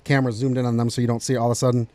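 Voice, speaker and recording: A man's voice: medium pitch, racing, no echo. A man co-hosting a podcast, recapping a wrestling storyline in casual chat and acting out the quotes. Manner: animated storyteller, acts out quotes. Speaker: podcast co-host.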